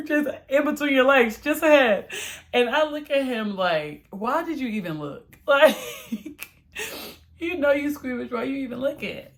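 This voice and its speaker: A woman telling a personal story in a chatty, animated way, laughing often and acting out quoted lines in a higher voice. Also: a little slow. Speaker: vlogger.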